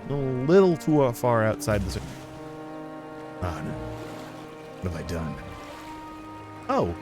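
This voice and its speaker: A man's voice: fairly low pitch, sing-song, slow pace, over loud music. A man streaming a video game, chatting casually, chuckling and thinking aloud. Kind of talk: casual gameplay commentary.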